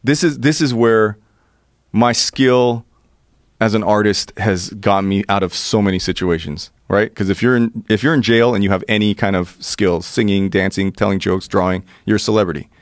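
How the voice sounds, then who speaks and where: A man in his forties from the United States, a podcast guest telling a wild story, animated, profane, full of laughs and restarts. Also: fairly low pitch, normal speed, no echo, studio quality. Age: 40s. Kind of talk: storytelling anecdote in casual chat.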